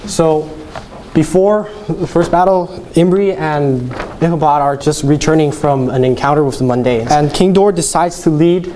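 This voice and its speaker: A man's voice: fairly high pitch, moderate pace, hardly any pauses, mellow, slight background noise. A teenage boy presenting a classroom vocabulary lesson, enunciating each word carefully and reading out definitions. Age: teens. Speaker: student presenter.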